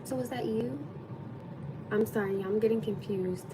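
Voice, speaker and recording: Chatting and rambling with her viewers, a livestream host in her thirties thanks them along the way. She speaks at a normal speed in a medium-pitched voice, with background noise present.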